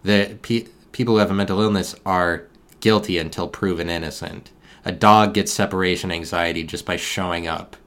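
A man hosting a podcast alone, musing in a meandering, deadpan way with absurd tangents. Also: deep voice, moderate pace. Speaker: podcast host. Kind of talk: rambling solo podcast musing.

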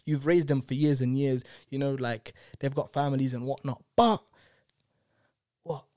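Speaking at normal speed in a medium-pitched voice, a young male guest animatedly relates a personal story in a casual chat. He's full of tag questions, dropping "innit" and "you know what I'm saying" often, and the recording is clean studio sound with no room sound.

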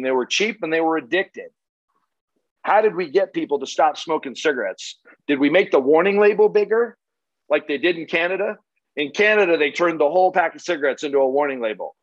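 Guy with a higher voice giving a blunt profane sales pep talk, dry dull audio. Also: dry recording. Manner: blunt, punchy, profane, rhetorical questions. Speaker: solar sales trainer.

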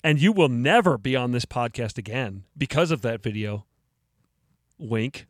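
Male podcast host, lively up-and-down delivery, dry close sound, jokey and mock-offended. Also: medium pitch, moderate pace, no echo. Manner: jokey, mock-indignant, laughs at own jokes. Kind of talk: casual solo podcast talk.

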